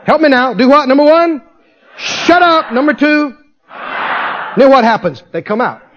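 A man's voice: very high-pitched, lively intonation, moderate pace. A man preaching a fervent sermon, firing rhetorical questions at his congregation and answering them himself. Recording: dull lo-fi sermon recording.

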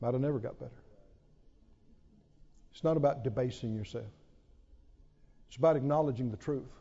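A man preaching a sermon in an animated, storytelling way, often chuckling. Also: mid-range voice, normal speed, slightly rough, big-room sound, highs cut off.

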